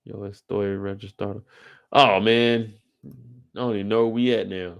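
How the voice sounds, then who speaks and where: A young man hosting a loose live-stream chat, joking in heavy slang and now and then breaking into falsetto singing. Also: fairly even intonation, moderate pace, vocal fry, clear, resonant tone, dry recording, clean studio sound. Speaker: streamer host.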